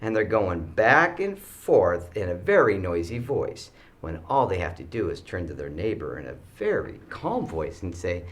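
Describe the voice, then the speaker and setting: A man teaching students school rules with animated storytelling, acting out the kids' voices. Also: sits low, moderate pace, few pauses.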